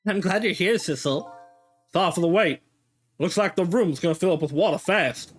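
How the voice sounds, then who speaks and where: A streamer voicing a calm, capable young woman detective in a video game, explaining things in a steady way. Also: mid-range voice, normal speed, faint music behind, lightly acted.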